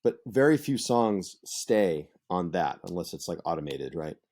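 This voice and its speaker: A man's voice: low-pitched, big pitch swings, a little slow, very noisy. A man teaching a literature lesson in a conversational, explanatory way, with frequent fillers and asides. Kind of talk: explanatory lecture.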